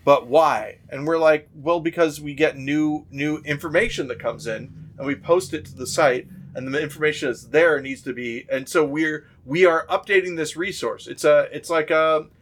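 A man's voice: on the high side, steady tone, moderate pace, few pauses, a bit bright. A man co-hosting a casual podcast chat, telling work anecdotes animatedly and acting out the quotes in a loose, restarting way. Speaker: podcast co-host.

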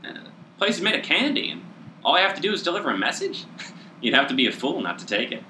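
A man voicing a chattering, high-pitched gnome. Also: very animated, quick pace, sharp tone, reverberant, slight background noise, exaggerated voice, low-quality recording. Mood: chatty. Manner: chattering, scolding. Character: chirpy male gnome, cocky and chatty.

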